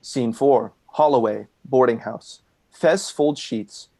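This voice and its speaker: A man's voice: mid-range voice, slow. Man reading stage directions plainly. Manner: plain, even announcing. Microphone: video call.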